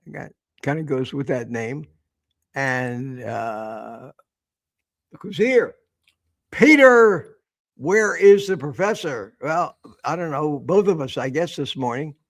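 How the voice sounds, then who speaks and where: An older man hosting a casual morning livestream, a bit hoarse, teasing his guest and reading viewer comments aloud. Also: a little high. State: a bit hoarse after a late night. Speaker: livestream host. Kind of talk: casual live-stream chat.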